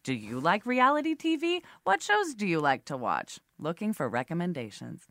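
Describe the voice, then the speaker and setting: A woman with a lowish, bright voice co-hosts a casual podcast chat, blunt and joking, her pitch moving a lot. The sound is dry and close. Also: huge pitch swings, moderate pace, dry recording. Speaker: podcast co-host.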